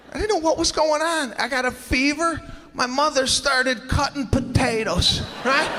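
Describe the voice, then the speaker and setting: A man doing stand-up on a theater stage, animated and loud, acting out the people in his stories. His voice sits high, and it carries a long hall reverb over loud room ambience. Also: gravelly, a little hiss or hum. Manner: animated, shouting punchlines, acting out family members. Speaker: stand-up comedian. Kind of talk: stand-up comedy. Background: audience laughter.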